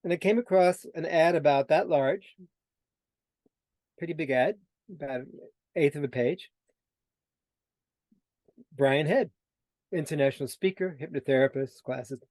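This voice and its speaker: A man somewhat high for his sex tells stories as an interview guest. He acts out the conversations he recalls, and the sound is dry and close with no room echo. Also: a little slow, long pauses. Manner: animated storyteller who acts out quoted dialogue; repeats himself and restarts when searching for words. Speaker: guest, personal transformation coach. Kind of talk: storytelling in conversation.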